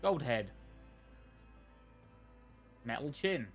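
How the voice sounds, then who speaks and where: A man's voice: mid-range voice, expressive, extremely slow, faint music behind. A man streaming a video game, thinking aloud and reacting casually, sometimes swearing or reading in-game text. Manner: chatty, profane, thinks aloud. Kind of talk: casual gameplay commentary.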